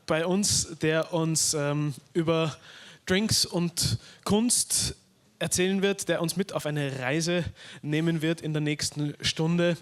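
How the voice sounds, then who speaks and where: Man, stage host, fairly high pitch, formal intro with fillers. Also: fairly even intonation, slow, smooth. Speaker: event host. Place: conference stage.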